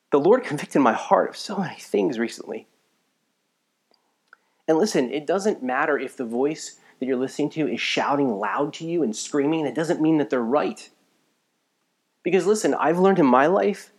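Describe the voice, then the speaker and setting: A man from the United States preaching a live sermon in a conversational way, swinging between emphatic bursts and quiet asides, a little tired. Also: on the high side. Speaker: pastor.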